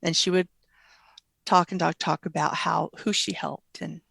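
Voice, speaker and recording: A middle-aged woman, a guest mother, telling gentle stories about her daughter in an interview. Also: fairly low pitch, unhurried, vocal fry, slightly rough, no room sound. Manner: tender, animated quoting of her child. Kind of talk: storytelling interview.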